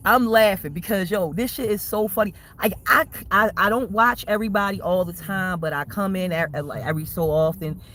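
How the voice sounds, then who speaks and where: A woman's voice: lowish voice, fairly bright tone. A woman livestreaming and chatting casually with her viewers, rambling, swearing freely and laughing often.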